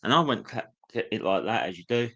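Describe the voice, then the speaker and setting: A man's voice: fairly low pitch, expressive, brisk, vocal fry, pushed and bright, husky. A young man telling candid personal stories from his school days, now and then putting on the sneering voice of a teacher. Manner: candid, reliving memories, acts out a teacher's sneering voice. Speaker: guest. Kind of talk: personal storytelling.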